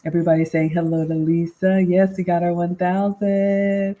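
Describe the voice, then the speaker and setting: A woman's voice: fairly low pitch, fairly even intonation, moderate pace, few pauses, mellow, rough recording. A woman in her forties hosting a casual live Q&A, reading viewer comments aloud and answering them conversationally. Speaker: livestream host and life coach.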